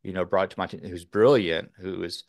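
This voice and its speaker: Deep gravelly-voiced man, rambling and earnest. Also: a little fast, dry recording, clean studio sound. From Texas. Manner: rambling, earnest, many fillers. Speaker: podcast guest. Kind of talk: casual interview talk.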